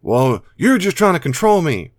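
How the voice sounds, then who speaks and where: A man's voice: high voice, animated, moderate pace, fairly bright tone, dry recording, clean studio sound, voice pushed up. A man voicing a defensive, whiny addicted sibling with an American accent, lashing out in a petulant, accusing way.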